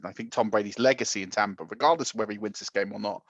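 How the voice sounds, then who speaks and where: Low-voiced man with a dull, dry sound. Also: no room sound. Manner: animated storytelling, quick runs of speech. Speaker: podcast co-host. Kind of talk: casual sports chat.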